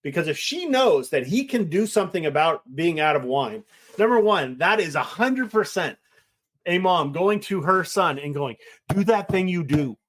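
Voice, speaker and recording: A middle-aged man, a winemaker, chatting casually and telling a lively story, acting out the voices of the people in it. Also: fairly high pitch, normal speed. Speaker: winemaker guest. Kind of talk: casual chat.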